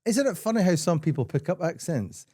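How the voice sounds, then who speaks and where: A man with a mellow, darker voice hosts a casual chat. He slips in dry one-liners between his questions. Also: high-pitched, very animated, fairly quick, breathy edge. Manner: dry wisecracks, steers the questions. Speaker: podcast host.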